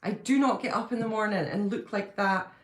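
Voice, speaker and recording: A woman hosting a casual live stream from home, chatty and effusive, laughing easily as she talks. Her voice sits at a medium pitch, and the room around her sounds noticeably echoey. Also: fairly bright tone. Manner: chatty, bubbly, quick to gush and laugh. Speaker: livestreaming fan-channel host. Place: at home, indoors.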